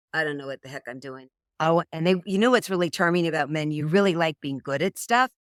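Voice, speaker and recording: A middle-aged woman dating coach speaks in a fairly low voice, telling stories and acting out the people in them. The sound is dry and close, with no room echo. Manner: animated storyteller, acts out quoted voices. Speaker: dating coach, podcast guest. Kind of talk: conversational interview.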